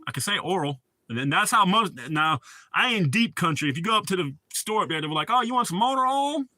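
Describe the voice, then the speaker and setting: A man's voice: on the high side, lively intonation, brisk, pushed and bright, no echo. A man with a Southern US accent, talking in a loose, casual chat with frequent swearing and laughs, a dip in his mouth. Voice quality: drawl, mouth full of dip. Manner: laid-back, swearing, laughs often. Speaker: streamer.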